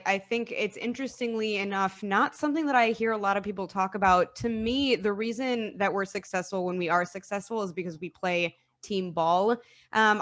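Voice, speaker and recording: A woman's voice: medium pitch, a bit bright. A woman guesting on a podcast, chatting enthusiastically with plenty of "um" and "you know". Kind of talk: casual chat.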